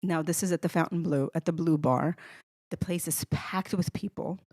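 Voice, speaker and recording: A young woman from Iran, a podcast guest, telling a story with animated restarts and acted-out dialogue. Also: low-pitched, moderate pace, no echo, studio quality. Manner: animated, restarts often, acts out quoted dialogue. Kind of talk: emotional storytelling in casual conversation.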